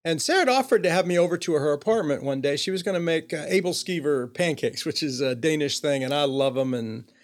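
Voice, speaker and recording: This older man tells a heartfelt personal story in a slightly higher-than-usual voice. He speaks earnestly, often pausing and trailing off with small fillers as he searches for words. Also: animated. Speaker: guest.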